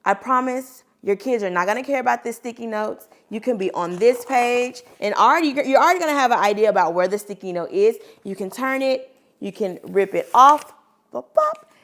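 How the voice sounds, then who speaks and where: A woman preschool teacher giving a teaching demonstration of reading aloud, animated and expressive, with playful sound effects. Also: on the high side, brisk.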